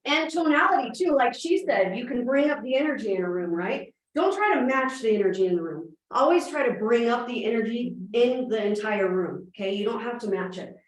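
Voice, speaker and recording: Energetic woman trainer, slightly high voice, caught from a distance in a very echoey room. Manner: fast-talking, energetic, asks the room questions. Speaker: real estate trainer. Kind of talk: live training presentation. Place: meeting room with audience.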